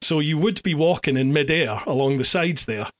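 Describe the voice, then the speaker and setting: A middle-aged man, a podcast host telling a story in casual chat, lively and acting out the shouts he quotes. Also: a little high, normal speed. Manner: animated, acts out shouted quotes, many restarts.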